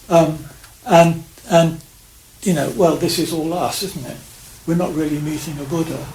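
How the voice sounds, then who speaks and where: A man giving an unscripted Dharma talk as a Zen priest, reflective and halting, with many restarts and fillers. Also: fairly high pitch, fairly even intonation, gravelly, darkish tone. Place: meditation hall of a priory. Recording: echoey room with faint hiss.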